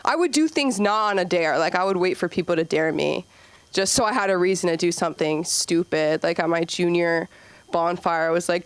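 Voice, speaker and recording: A woman in her twenties doing a rambling stand-up set at an open mic, acting out kids in squeaky voices. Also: moderate pace, clean tone, no echo. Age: 20s. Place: comedy club stage.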